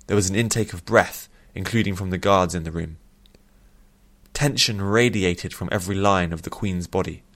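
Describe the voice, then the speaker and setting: A man narrating a fantasy audiobook with measured, steady storytelling. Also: sits low.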